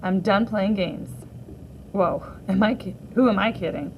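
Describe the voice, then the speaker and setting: A woman teacher reading a graphic novel aloud for children, gently voicing each character in turn. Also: medium pitch, measured pace, dull audio, a little hiss or hum.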